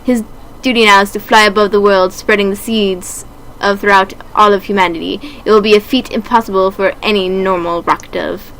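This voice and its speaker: A sinister, self-satisfied male doctor who talks down softly and slowly, as a woman reads him from a game. The tone is hushed but bright and clear-edged, with a faint hiss behind it. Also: mid-range voice, fairly even intonation, lightly acted, rough recording. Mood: smug. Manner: soft, measured, condescending. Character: smug, sinister male doctor bird, calm and cold.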